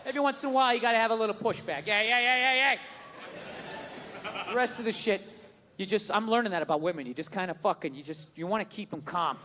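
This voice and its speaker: Man ranting stand-up in a high voice. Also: quick pace. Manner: ranting, profane, shouting. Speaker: stand-up comedian. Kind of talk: stand-up comedy set. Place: live comedy venue stage. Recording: live stage mic with crowd noise. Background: audience laughter.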